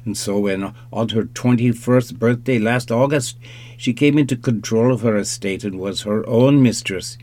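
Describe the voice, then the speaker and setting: A man reading an audiobook, voicing a nervous, formal young man with a slight accent in higher, louder tones. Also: moderate pace, natural voice. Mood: formal, earnest.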